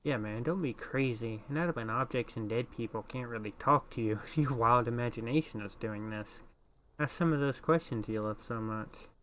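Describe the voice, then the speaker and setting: A man's voice: medium pitch, normal speed, a bit bright, a little hiss or hum, lightly acted. A man voicing a pushy, mocking talking necktie in a video game, teasing and needling.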